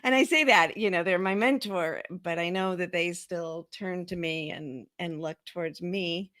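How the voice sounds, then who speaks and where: A woman's voice: on the low side, measured pace, a bit bright. Woman host chatting over a video call, thoughtful, laughs a lot. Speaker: talk show host. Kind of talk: casual chat.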